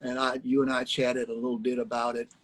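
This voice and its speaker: Here a retired ballplayer, an older Alabama man, sits for a storytelling interview on a livestream from his home, his folksy tales wandering and full of repeated words. He speaks briskly in a medium-pitched monotone. The sound comes through a phone and is poor.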